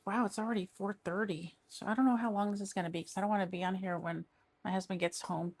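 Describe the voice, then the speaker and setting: A woman's voice: mid-range voice, fairly even intonation, fast talker. Chatty middle-aged woman. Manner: rambling, chatty, trails off and restarts. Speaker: crafting vlogger. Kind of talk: casual chat while diamond painting.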